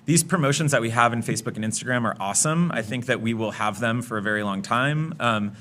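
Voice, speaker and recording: A man's voice: mid-range voice, sharp tone. A man, a guest on a podcast, talking casually about his app with plenty of fillers and easy laughter. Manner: chatty, quick to laugh, many fillers. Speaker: guest, app product lead.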